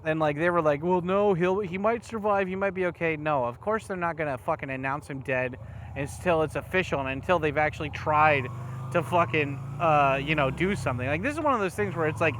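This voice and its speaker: A man's voice: fairly high pitch, fairly quick, fairly bright tone. A man on a motovlog, riding through city streets at night and talking in a rambling, angry way with plenty of swearing. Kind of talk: casual riding vlog rant. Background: faint traffic noise.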